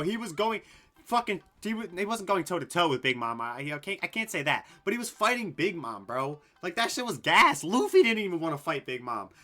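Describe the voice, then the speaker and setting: A young man casually ranking anime story arcs, excitable and rambling, swearing a lot and full of fillers. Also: on the high side. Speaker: anime video host.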